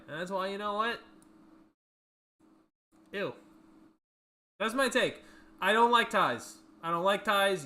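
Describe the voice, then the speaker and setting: A young man hosting his own livestream show, rambling and excitable, repeating himself as he rants. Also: high voice, slight background noise. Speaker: show host. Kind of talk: casual solo livestream rant.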